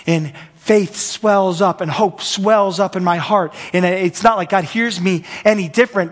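A man's voice: high-pitched, measured pace, few pauses. A man preaching a sermon as pastor, earnest and repetitive, building in intensity at the peaks.

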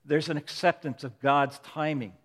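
A pastor preaches in a slightly high voice, building his lines into repeated refrains and strong swells of emphasis. His words ring out with the long reverb of a large church sanctuary. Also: fairly even intonation, normal speed, fairly bright tone. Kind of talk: sermon.

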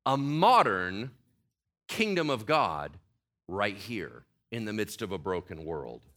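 A man's voice: fairly low pitch, sing-song, slow, a bit bright. A middle-aged man preaching a sermon in a conversational way, often asking the congregation questions. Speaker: pastor.

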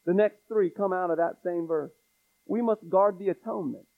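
A pastor delivers a sermon in a voice that sits high, with vocal fry, at a normal speed. He presses his congregation with pleading rhetorical questions, and the recording sounds tinny, like a phone.

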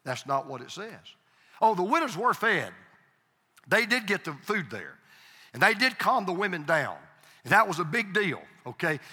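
Male pastor, bright, sharp-edged voice, emphatic sermon delivery, long hall reverb. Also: high-pitched. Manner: emphatic, repeats phrases, calls for congregation response. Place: church sanctuary.

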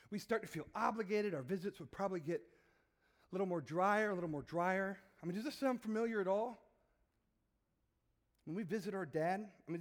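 A man preaching a sermon, telling stories and acting out the voices in them in a conversational way. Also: high-pitched. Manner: acts out voices in illustrations, conversational. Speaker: pastor.

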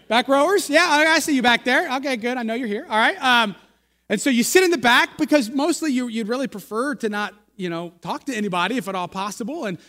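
A man's voice: very high voice, pushed and bright. A male pastor from the United States telling a chatty, self-deprecating story in a sermon, full of restarts and asides to the congregation. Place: church sanctuary. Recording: long hall reverb.

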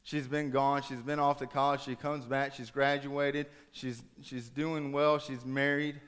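A man's voice: medium pitch, flat delivery, measured pace, clean tone. Man preaching a dramatic sermon. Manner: dramatic storytelling, swinging from raised urgent passages to hushed soft ones.

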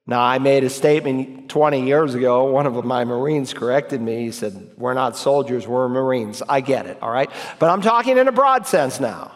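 A middle-aged man preaching an expository sermon, emphatic and building to forceful exhortation. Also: medium pitch, expressive, moderate pace, hardly any pauses, in a large hall.

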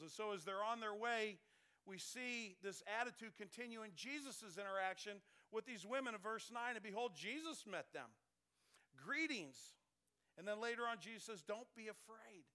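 A man in his fifties preaching a sermon as pastor, conversational and animated, often dropping to a soft calm voice. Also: high-pitched, clean tone. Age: 50s.

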